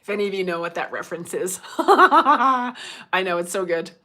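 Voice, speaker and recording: A woman's voice: mid-range voice, animated, moderate pace, sharp tone. A middle-aged woman chatting casually on a livestream, laughing often and reading out viewer comments. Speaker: livestream host.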